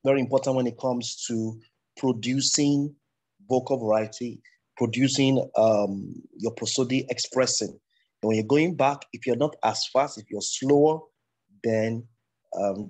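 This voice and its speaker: A man's voice: medium pitch, a little slow, darkish tone. A man teaching public speaking in an online class, explaining step by step and repeating himself with frequent restarts.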